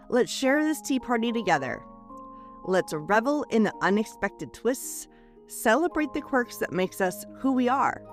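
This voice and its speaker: A woman hosting a podcast reads a scripted, reflective letter aloud in a medium-pitched voice. Her delivery is soothing and expressive, rising on some phrases and sinking into hushed drops on others.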